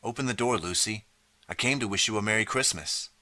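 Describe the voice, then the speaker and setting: A man's voice: on the low side, a little fast, pushed and bright, dry recording, voice pushed up. A man voicing a desperate, eager boy who keeps pleading to be believed. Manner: pleading, earnest.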